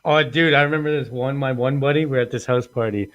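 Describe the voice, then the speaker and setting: A medium-pitched male voice moves fast, with the highs cut off in the audio. This podcast host tells crude stories that ramble, laughing often as he performs what others said.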